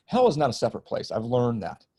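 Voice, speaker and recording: A man's voice: medium pitch, huge pitch swings, quick pace, mellow, breathy edge. A middle-aged man, a spiritual teacher and healer, telling a personal story as a guest on a podcast interview, earnest and emotional, easing tension with jokes.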